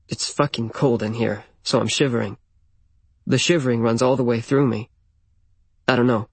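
Guy reading a first person story, husky voice, dry close sound. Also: medium pitch, no echo. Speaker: narrator. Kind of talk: first-person audiobook narration.

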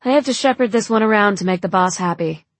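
A woman voicing a brusque, bored male official in an audiobook, a touch louder than her narration. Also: medium pitch, quick pace, no echo, close to an everyday voice. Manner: brusque and bored, conspiratorial asides.

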